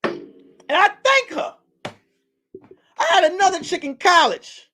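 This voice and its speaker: High, lively male comedian storytelling. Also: measured pace. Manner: animated, with sudden loud outbursts; profane and rambling. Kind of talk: stand-up storytelling.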